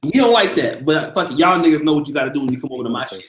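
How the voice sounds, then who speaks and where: Echoey, high-pitched live-stream host. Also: male voice, animated, racing. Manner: loose, profane, hypes up the audience. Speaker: livestream host. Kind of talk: casual live-stream chat.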